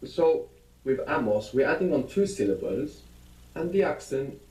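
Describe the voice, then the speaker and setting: A man's voice: medium pitch, expressive, moderate pace, a little mellow, echoey room, poor audio. A man teaching a language lesson, patiently prompting his students with questions.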